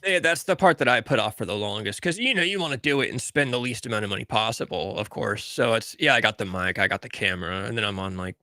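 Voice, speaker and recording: A man's voice: lowish voice, fast talker, hardly any pauses, pushed and bright, no room sound, clean studio sound. A middle-aged man co-hosting a podcast, chatting in a laid-back, agreeable way with casual swearing. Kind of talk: casual chat.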